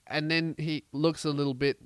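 A man hosting a podcast, telling a comedic story in a brash, profane, animated way with mocking asides. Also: fairly high pitch, normal speed, clear, resonant tone, no echo. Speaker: podcast host.

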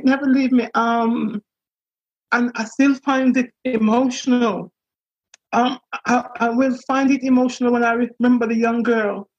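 A woman minister giving an earnest, halting personal account, with many pauses and restarts, on a dull lo-fi recording. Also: a little high, darkish tone, slightly rough. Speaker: minister and priest. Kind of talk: reflective personal testimony.

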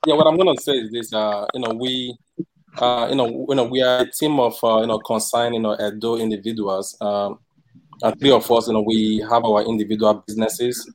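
A man from Benin City, Nigeria, speaking for his team in a halting way full of "you know". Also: mid-range voice, steady tone, a little hiss or hum, poor audio. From Benin City, Edo State, Nigeria. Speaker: event team spokesman.

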